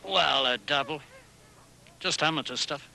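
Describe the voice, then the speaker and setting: An actor playing a timid poet who stammers and hesitates in a filmed drama. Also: male voice, a little high, measured pace, creaky, pushed and bright, full character voice. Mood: hesitant. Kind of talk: film drama acting.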